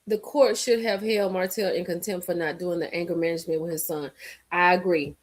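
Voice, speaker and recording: A live stream host with a lowish voice talks briskly, chatting casually yet emphatically with her viewers. Animated, she reads the chat, addresses them directly, and repeats lines for effect.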